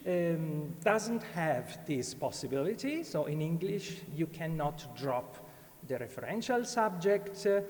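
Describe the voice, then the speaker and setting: A man giving an academic conference talk, halting often with fillers and restarts. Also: fairly high pitch, a little mellow. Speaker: conference speaker. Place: university conference hall. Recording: long hall reverb.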